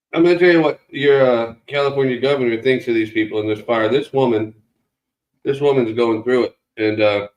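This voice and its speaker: A man co-hosting a casual morning chat show, opinionated and telling stories with frequent restarts. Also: medium pitch. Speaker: co-host. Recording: roomy echo.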